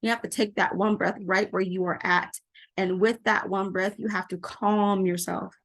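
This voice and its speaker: Middle-aged woman, parenting coach talking to camera; animated, laughs easily, repeats key phrases. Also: medium pitch, moderate pace. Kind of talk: casual talk to camera.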